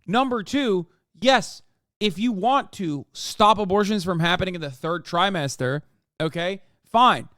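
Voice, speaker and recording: A male streamer ranting at his chat during a live reaction stream, profane and combative, often yelling. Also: high voice, expressive, a little slow, dry recording, studio quality.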